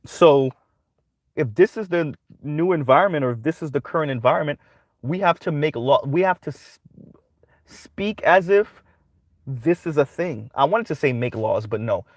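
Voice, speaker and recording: A man's voice: fairly high pitch, expressive, moderate pace, no room sound. A man hosting a commentary channel, giving a casual monologue that keeps checking in with "right?". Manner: conversational, repeats "right?" often.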